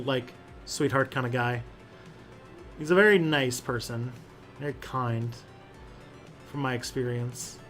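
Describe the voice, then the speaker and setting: A man's voice: mid-range voice, a bit bright. A man hosting a casual livestream and answering chat questions, rambling with lots of fillers and restarts.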